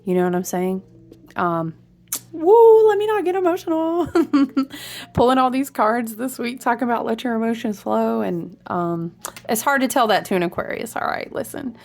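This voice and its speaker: Chatty, excitable woman with a gravelly edge. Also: moderate pace, faint music behind. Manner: animated and chatty, jumps between topics, frequent high exclamations; speaks to viewers as friends, slangy and warm-hearted. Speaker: tarot reader. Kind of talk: casual spiritual vlog chat.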